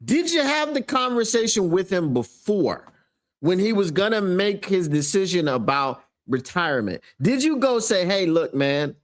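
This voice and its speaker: Animated man hosting a fan sports show. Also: high-pitched, normal speed. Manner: animated, emphatic, laughs often. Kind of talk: casual sports commentary.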